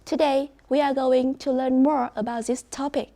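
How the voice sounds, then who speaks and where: A woman with a Vietnamese accent teaching an English class, speaking slowly and clearly, praising and prompting students. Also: high-pitched, little pitch movement, dark tone.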